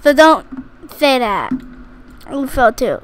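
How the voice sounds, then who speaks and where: A woman's voice: sits high, big pitch swings, takes it slowly, heavy background noise. A woman giving playful gameplay commentary, giggling, singing little la-las and taunting other players in a mock-menacing way. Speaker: gaming YouTuber.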